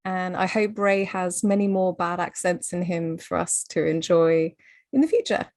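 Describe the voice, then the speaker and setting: A woman's voice: on the low side, normal speed, a little mellow, no echo, studio quality. A woman on a podcast panel who talks casually in a wry, amused way and laughs easily.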